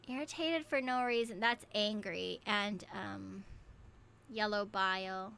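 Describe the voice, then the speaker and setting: A woman's voice: mid-range voice, gravelly, bright, forceful tone, a little hiss or hum. A woman streamer giving casual gameplay commentary, playful and swearing freely.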